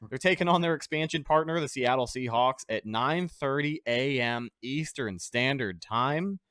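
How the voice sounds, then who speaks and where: A man's voice: mid-range voice, normal speed, a bit bright, clean tone, no echo, clean studio sound. A man hosting a casual sports podcast, talking with confident, brash energy and casual swearing. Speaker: podcast host.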